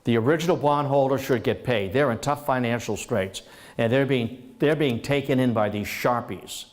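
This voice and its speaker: A middle-aged man giving a lively history lecture, telling it as a story and stopping to repeat himself and restart. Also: mid-range voice, normal speed. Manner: lively storytelling, acts out historical figures in dialogue; restarts and repeats words often.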